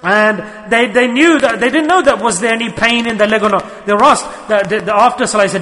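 Male Sufi teacher, high bright voice, earnest sermon, reverberant hall. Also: fairly quick. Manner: earnest, repeats key phrases.

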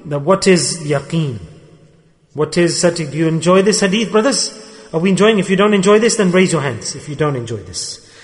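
A man's voice: fairly high pitch, expressive, fairly quick. A man preaching a sermon to a gathering in a hall. He retells a story with emphasis and asks his listeners rhetorical questions. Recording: long reverberant hall.

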